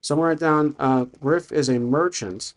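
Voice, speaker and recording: A man's voice: on the high side, normal speed. A man narrating a solo tabletop campaign as game master, thinking aloud with frequent restarts.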